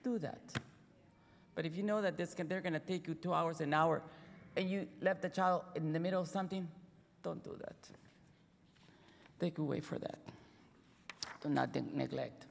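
A middle-aged woman, a Sabbath school teacher, telling earnest stories to a congregation with halting restarts. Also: low-pitched, creaky, slight background noise. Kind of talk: sermon-style storytelling. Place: church hall. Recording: long reverb in a church hall.

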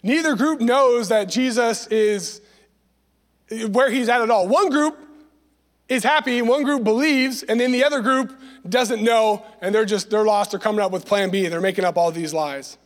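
High-voiced man teaching a Bible lesson. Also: normal speed, in a large hall. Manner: conversational, frequent "right?" check-ins. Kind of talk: Bible lesson with scripture reading.

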